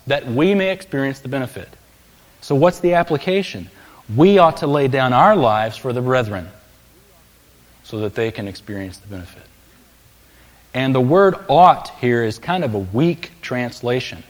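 A male preacher delivering a sermon in a large church sanctuary, his mid-pitched voice carrying a long hall reverb. He speaks with emphatic rises on key phrases, then settles back into storytelling. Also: expressive, moderate pace. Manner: emphatic, building to raised peaks on key phrases.

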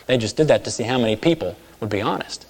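A man's voice: expressive, quick pace, darkish tone. Preaching man in a reverberant hall. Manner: storytelling, acts out voices with big swings in pitch and volume. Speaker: pastor. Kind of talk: sermon.

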